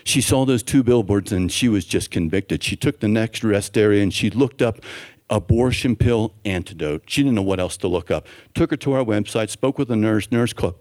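Brief: male doctor, church talk, lively storyteller who acts out the voices he quotes. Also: on the low side, normal speed. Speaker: physician speaking at a church event.

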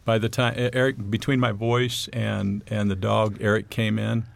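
A man telling his own story as an interview guest, relaxed and a little wry. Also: on the low side, moderate pace, vocal fry. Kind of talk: personal testimony storytelling.

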